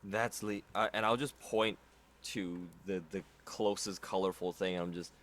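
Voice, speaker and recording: Deep-voiced calm player man. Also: a little slow, slight background noise. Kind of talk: tabletop role-play chat.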